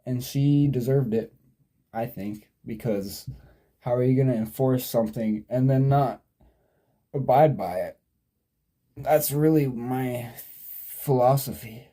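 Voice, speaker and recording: Dark-voiced young man rambling through a story. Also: mid-range voice, slow pace, pauses often. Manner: digressive, profane, sidetracks and self-corrects. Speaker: vlogger.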